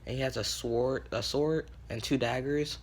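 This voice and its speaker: A man's voice: mid-range voice, fairly even intonation, normal speed, a little hiss or hum. A man telling an improvised fan story casually, rambling with many ums and correcting himself as he goes.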